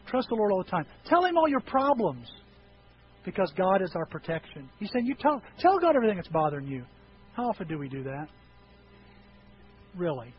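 A man preaching a sermon as pastor, animated, breaking into high yelping voices when he acts out quotes. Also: a little fast, pauses often, highs cut off, a little hiss or hum.

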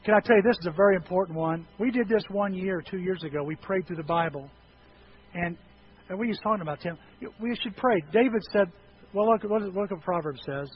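A pastor preaching a sermon, moving from quiet, conversational talk to impassioned shouting and acting out prayers. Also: male voice, sits high, fairly quick. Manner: acts out prayers and dialogue. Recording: dull lo-fi with faint noise.

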